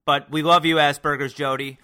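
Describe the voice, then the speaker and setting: Male podcast host, rambling and teasing, bright forceful tone. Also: on the high side, flat delivery, fairly quick. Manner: rambling, teasing, pushing for energy. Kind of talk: casual sports chat.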